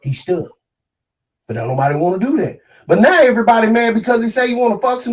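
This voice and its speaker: A man's voice: extremely high pitch, expressive, quick pace. A man ranting on a podcast, angry and preachy, cursing freely as he makes his case. He sits a little back from the microphone, so his voice sounds slightly distant. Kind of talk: heated casual podcast talk.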